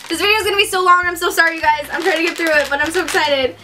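A young woman with a high, bright voice gushes her way through an unboxing on her vlog, piling on excited exclamations. Soft music plays faintly behind her. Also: rapid-fire. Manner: gushing, excitable, many exclamations. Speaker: vlogger.

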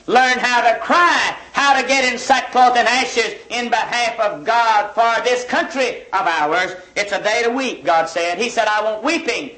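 An American man preaches with fervent urgency, driving home his point through pleading, repeated questions. His voice sits very high and rings bright and forceful. The sound comes from an old vinyl record with a roomy echo around him. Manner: impassioned, pleading rhetorical questions with repetition. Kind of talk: revival sermon.

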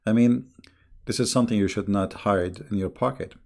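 Hosting a casual online livestream, a middle-aged man debates religion with a lowish, slightly quick voice that is creaky and a bit mellow. He's sarcastic and mocking, often chuckling.

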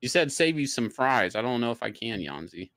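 A man's voice: medium pitch, big pitch swings, a little fast, a bit bright, no echo, clean studio sound. A man hosting, in casual chat, giving wry joking commentary on food. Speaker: host.

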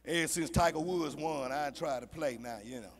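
A middle-aged man with a high speaking voice does stand-up and talks straight to the crowd. He is recorded on a live stage mic, with faint ambience from the venue behind him. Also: normal speed, a little hiss or hum. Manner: conversational, addressing the audience directly. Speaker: stand-up comedian. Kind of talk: stand-up comedy set.

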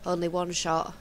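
A woman playing a football video game and reacting loudly, shouting at her players and laughing, with the mic very close to her face. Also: lowish voice. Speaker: gameplay streamer. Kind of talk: excited gameplay chat. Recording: close-miked with faint background noise.

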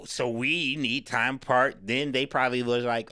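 A man's voice: medium pitch, steady tone, moderate pace, hardly any pauses, pushed and bright, no room sound, clean studio sound. A man co-hosting a podcast, talking casually and explaining a story at length with lots of fillers. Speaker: podcast co-host. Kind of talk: casual chat.

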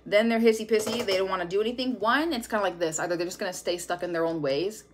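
A woman's voice: medium pitch, quick pace, slight background noise. A woman giving a casual tarot reading to camera, blunt and profane, laughing often. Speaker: tarot reader.

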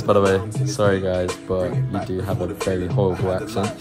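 A man's voice: sits low, flat delivery, moderate pace, hardly any pauses. A young man narrating a home cooking video in a casual, joking way, with sardonic asides and easy laughs. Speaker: cooking vlogger. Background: background music.

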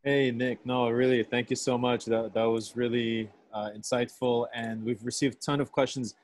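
A man's voice: mid-range voice, flat delivery, normal speed. Man moderating a webinar Q&A. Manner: friendly, casual with filler words. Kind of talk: hosting a Q&A. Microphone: video call.

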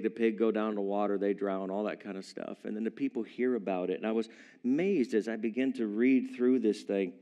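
A man preaching a sermon to a live congregation, retelling a story in a playful, animated way with chuckling asides. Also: medium pitch. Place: church service with a live congregation.

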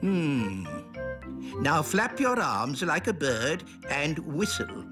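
A dry, wise old elf doctor. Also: male voice, on the high side, slow pace, over music. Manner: calm, matter-of-fact.

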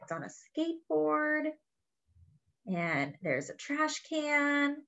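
A woman reading a picture book aloud to children, expressive and exclaiming over the pictures. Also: high voice, slow, gravelly, lo-fi sound. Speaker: children's story reader. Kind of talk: read-aloud storytelling.

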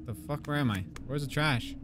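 A young man giving let's play commentary on a horror game, swearing and shouting at jump scares, his voice going hoarse from screaming. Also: on the high side, brisk, background noise. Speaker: gaming YouTuber. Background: game music.

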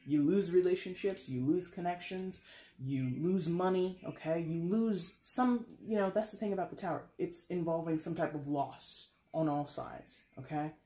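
This warm, medium-pitched tarot reader speaks at a normal speed, giving a casual and frank reading to camera. Frequent sighs and occasional swearing come through in an echoey room with faint ambient noise.

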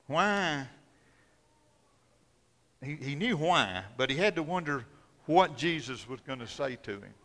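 Forceful male pastor, dramatic sermon. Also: mid-range voice, expressive, normal speed. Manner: dramatic storytelling, swinging from loud to hushed. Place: church sanctuary. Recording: long church hall reverb.

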